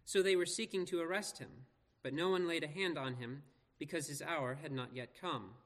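A man pastor reading scripture aloud and preaching in an earnest, measured way with slow emphatic pauses. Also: fairly high pitch. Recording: long reverb of a large hall.

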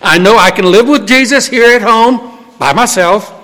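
A man's voice: sits high, moderate pace, sharp tone, pitched above the performer's own voice. A man voicing a stubborn old Scottish farmer, with a broad Scottish brogue, speaking in a reverberant hall. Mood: stubborn, defensive.

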